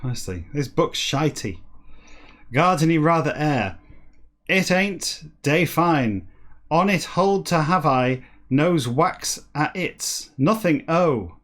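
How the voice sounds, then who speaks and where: Deadpan male comic reader, measured delivery, fairly high voice. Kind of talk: comic book reading with asides.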